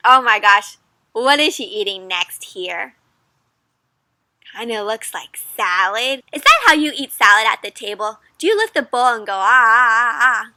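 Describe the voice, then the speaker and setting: A young woman reads a picture book aloud to children in a high, bright voice, taking her time over each page. She is animated and teacherly, pausing often to ask little questions, and the recording is close and dry. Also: dry recording. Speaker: children's read-aloud host. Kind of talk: interactive children's read-aloud.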